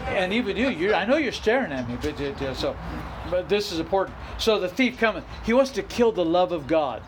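A middle-aged man preaches in a high-pitched voice, driving his points home with repetition and rising emphasis. He speaks as a pastor delivering a sermon. A faint noise sits under the recording. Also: very animated, fairly quick, low-quality recording. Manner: emphatic preaching with repeated phrases and rising outbursts.

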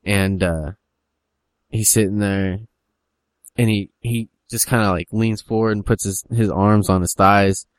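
A man's voice: fairly low pitch, fairly even intonation, a little slow, clear, resonant tone, dry recording. A man casually telling a story, rambling with lots of fillers.

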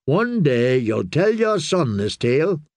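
A man's voice: on the high side, sing-song, slow pace, a little mellow, no room sound, exaggerated voice. A man voicing a timid, kindly young male steward who speaks earnestly and pleadingly. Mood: anxious.

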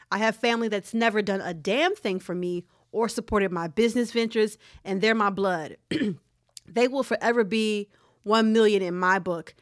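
A woman's voice: mid-range voice, no echo, clean studio sound. A woman co-hosting a casual chat, conversational and wry, at times reading a post aloud. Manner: conversational, frequent agreeing murmurs, wry.

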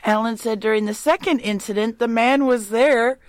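A woman's voice: on the high side, normal speed, dry recording. A woman co-hosting a podcast, reading strange news stories aloud with playful banter. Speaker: podcast co-host.

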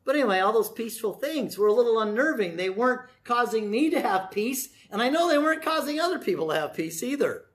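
A middle-aged man preaching a sermon in a folksy way, with joking asides, slowing down to stress key words. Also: very high voice, lively intonation, a bit bright. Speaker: pastor.

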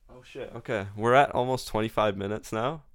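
A man's voice: on the low side, fairly quick. A man hosting a podcast in casual chat, laid-back and teasing, laughing often. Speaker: podcast host.

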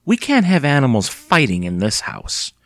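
A man voicing a cold, stern aunt of about eighty, speaking slowly in a hard voice. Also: mid-range voice, wildly swooping pitch, dry recording, pitched above the performer's own voice. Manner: slow, hard and cold delivery.

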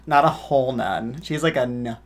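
A woman recapping a film in casual chat, making dry deadpan quips. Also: very deep voice, moderate pace. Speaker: co-host.

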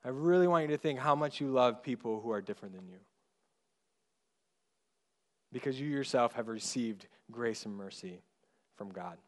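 Preaching in a mid-range voice, a male pastor speaks with earnest conviction; the crucial points come out loud, while the tender ones are delivered softly and slowly.

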